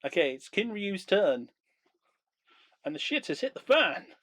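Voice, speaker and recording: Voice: mid-range voice, sing-song, a little slow, a bit bright, dry recording. A game master narrating a live-streamed tabletop game with dramatic description, on a streaming microphone.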